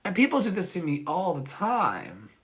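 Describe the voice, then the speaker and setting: A man chats casually with his livestream viewers, candid and loose, swearing freely and often laughing. His voice is bright and forward, and his pitch swings widely. He talks like an online pastor speaking off the cuff. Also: huge pitch swings, normal speed.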